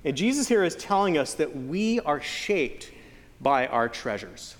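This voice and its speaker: A man preaching a sermon as pastor, earnest with playful joking asides and slow, stretched emphasis on key phrases. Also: on the high side, sing-song. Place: church sanctuary. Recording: long church hall reverb.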